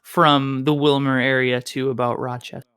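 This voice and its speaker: A marathon commentator putting on a calm, measured public radio announcer voice to read the morning weather. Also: medium pitch, clean tone, dry recording, natural voice. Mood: soothing.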